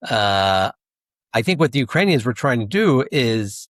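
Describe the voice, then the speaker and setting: A man's voice: medium pitch, very animated, measured pace, no echo. A man co-hosting a podcast, talking in a rambling, casual way with asides and restarts. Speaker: podcast co-host, intelligence analyst.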